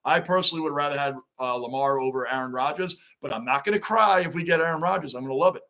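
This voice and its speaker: Bright-voiced animated man chatting on a stream. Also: fairly high pitch, fast. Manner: chatty, animated, talks to chat viewers by name. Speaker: livestream host. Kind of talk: casual sports livestream chat.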